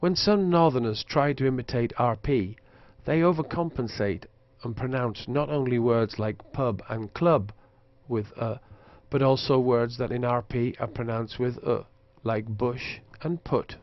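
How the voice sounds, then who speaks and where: Man explaining pronunciation in a dull recording. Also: mid-range voice. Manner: slow careful demonstrations of pronunciation. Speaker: lecturer. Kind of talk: scripted narration.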